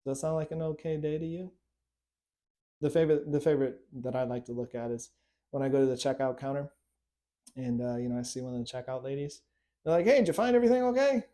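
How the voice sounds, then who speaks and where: This hypnotist and coach talks to camera at a quick pace, his mid-range voice steady and mellow. The instruction feels conversational, repeatedly punctuated by "right?" and "okay?".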